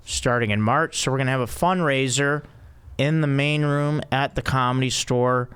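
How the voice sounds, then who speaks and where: A man's voice: medium pitch, moderate pace, a bit bright, clear, resonant tone, no room sound. A man hosting a comedy podcast, chatting casually, asking prompting questions and teasing his guest with dry jokes. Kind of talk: casual chat.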